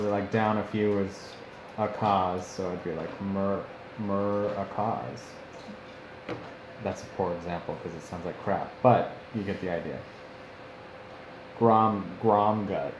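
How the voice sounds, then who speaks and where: A game master on a live stream thinks aloud while writing a tabletop campaign, sounding out fantasy names as he goes. His low voice stays level and a little slow. The echoey room carries clear background noise.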